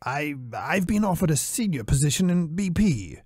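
A man's voice: a little high, sing-song, normal speed, a little mellow, breathy edge, dry recording, clean studio sound, pitched above the performer's own voice. A man voicing a clipped, posh military colonel. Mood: clipped, formal. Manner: formal, clipped.

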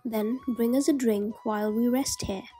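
A woman voicing a wise, brave young prince in a storybook reading, speaking calmly and earnestly. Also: a little high, moderate pace, faint music behind, natural voice.

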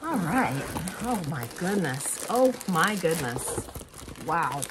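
A woman's voice: lowish voice, very animated, takes it slowly, noisy background. A woman craft vlogger giving casual unboxing commentary, gushing with exclamations and chatty asides to her viewers.

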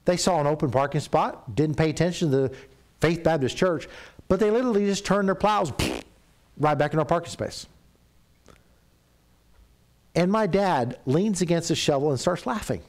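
A middle-aged man from Canada delivering a church sermon in a mid-pitched voice. He tells stories with animated jumps in pitch, then drops to a hushed, reverent tone. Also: normal speed, pauses often. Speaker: pastor.

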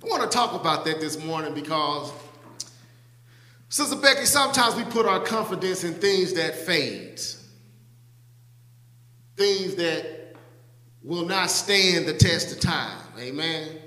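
In an echoey church sanctuary with long reverb, a male pastor prays and then preaches, playfully teasing congregation members by name and drawing out scripture lines for emphasis. His high voice is bright, forceful, and animated, and he speaks slowly with frequent pauses.

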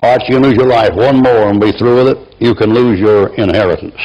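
A man's voice: lowish voice, fairly quick, muffled recording. A man in his seventies preaching a folksy sermon, telling rambling stories from his life. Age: 70s. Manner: rambling anecdotal storytelling.

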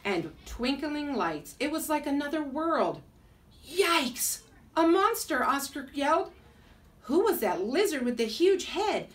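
A teacher in her fifties reads a children's bedtime story aloud and adds little asides to her listeners. Her pitch swoops up and down with lively expression. She sounds a bit far from the microphone. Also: a little slow. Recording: voice from a distance.

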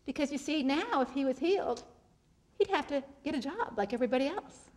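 Woman, high voice, keynote speaker, faith-based motivational talk, expressive, softens for emphasis, repeats key phrases. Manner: expressive, slows and drops to a soft voice for emphasis; repeats key phrases to drive them home.

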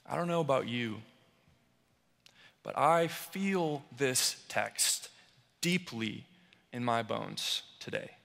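A young man preaching a sermon in a church, slow and dramatic, crying out the voices of a desperate crowd. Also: mid-range voice, animated, vocal fry, fairly bright tone. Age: young adult. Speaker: pastoral resident. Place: church sanctuary. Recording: long church reverb.

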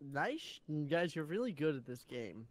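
Excitable high-voiced man gaming. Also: unhurried. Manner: excitable, laughing, tells stories. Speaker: gaming co-host. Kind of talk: casual gaming chat and storytelling.

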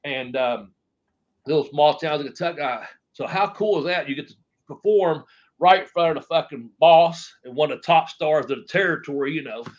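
A man's voice: fairly high pitch, moderate pace. Rambling, swearing man telling wrestling stories. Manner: rambling anecdotes, acts out quoted voices, swears freely. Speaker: interview guest, former wrestler. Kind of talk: casual storytelling interview. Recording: dull lo-fi podcast audio.

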